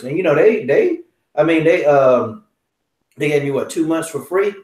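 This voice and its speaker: A man telling a story in casual podcast chat, animated and profane, his voice climbing as he acts out both sides of a phone call. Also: fairly high pitch, normal speed, echoey room. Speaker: podcast co-host, called Coach.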